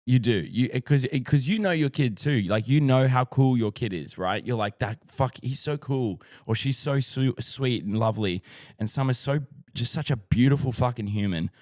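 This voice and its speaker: An Australian dad vlogger talks casually to camera in a mid-range, darkish voice at a moderate pace. He rambles, swears often, says "like" a lot and is openly emotional and heartfelt; the recording is dry with clean studio sound.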